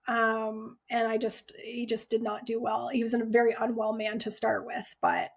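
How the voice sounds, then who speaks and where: A woman in her thirties, an ER nurse guest, telling her story candidly with emotion and many "like" fillers. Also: fairly high pitch.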